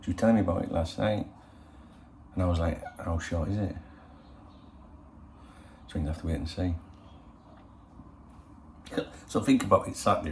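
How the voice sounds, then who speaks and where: A middle-aged man with a low, gravelly voice chats casually to his viewers. He rambles on in a cheeky, profane way, as the regular host of his own channel. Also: darkish tone, slight background noise. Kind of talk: casual chat. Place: in Spain.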